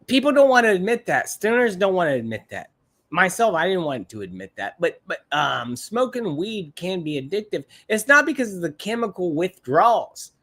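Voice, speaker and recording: This livestream host's voice sits high with big pitch swings, a moderate pace, and a bit of brightness as he talks casually with his live viewers. His talk is rambling, blunt, and profane, with frequent repetition.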